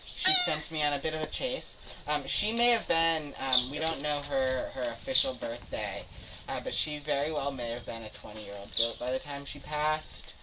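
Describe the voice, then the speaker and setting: A woman on the staff of an animal sanctuary, answering viewer questions in a calm, matter-of-fact way. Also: very deep voice, normal speed. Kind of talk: casual chat. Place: outdoors on a farm sanctuary. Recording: noisy outdoor recording.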